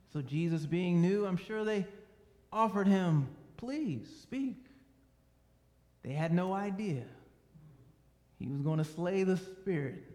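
A man's voice: high voice, a little mellow, long reverb tail. A male pastor preaching a sermon, emphatic and drawing out key words for weight.

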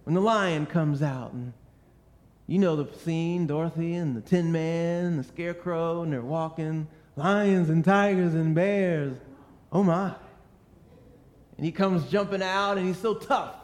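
A man's voice: fairly high pitch, moderate pace. A man preaching a sermon with an earnest, storytelling delivery full of rhetorical questions. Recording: long hall reverb.

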